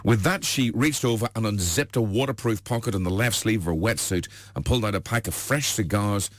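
A man's voice: lowish voice, fairly quick, no room sound. A man telling long jokes, passed off as true stories, in a rambling way full of fillers. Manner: rambling, filler-heavy, chuckling. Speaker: joke teller.

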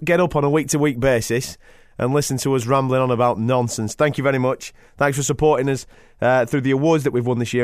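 A man's voice: mid-range voice, dry recording, studio quality. A man hosting a breakfast radio show, telling jokey stories in casual banter. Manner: chatty, jokey storyteller. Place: radio studio.

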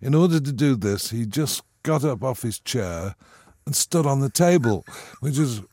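A man's voice: mid-range voice, animated, moderate pace, dark tone, husky, no room sound, studio quality. A man in his sixties, a radio guest telling a long story with frequent restarts and asides. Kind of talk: anecdotal storytelling.

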